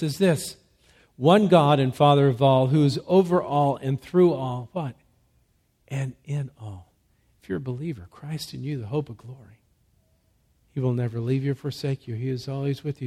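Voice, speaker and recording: A man's voice: on the high side, husky. Man preaching a dynamic sermon. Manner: swings from soft, slow emphasis to loud, rising exhortation; asks rhetorical questions and answers them. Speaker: pastor.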